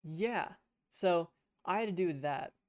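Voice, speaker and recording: A young man chats on a podcast from his computer at home, spinning out a long, rambling story full of restarts and the odd curse. His voice is smooth and resonant, and the sound is close and dry. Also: high-pitched, slow pace, darkish tone, no echo. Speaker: podcast co-host. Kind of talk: casual chat. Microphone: headset.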